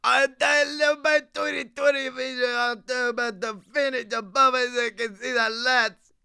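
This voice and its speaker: A man putting on a loud, garbled Cockney voice for a young heist-movie twin who tells the truth. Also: very high voice, steady tone, moderate pace, gravelly, smooth, no room sound, pitched above the performer's own voice, full character voice. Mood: shouting. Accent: put-on Cockney. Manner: shouted, garbled slang.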